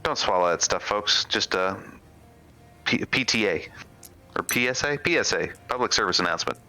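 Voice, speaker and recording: Man, stream co-host, forceful bright tone, low voice, faint music behind. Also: expressive, normal speed, poor audio. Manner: easygoing, self-deprecating banter. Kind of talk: casual live-stream commentary.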